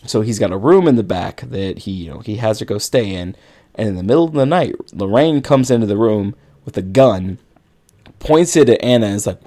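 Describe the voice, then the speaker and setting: Man, podcast co-host, lowish voice, rambling casual movie recap, lots of likes. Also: animated, brisk, warm tone. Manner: rambling retelling with many likes and you-knows.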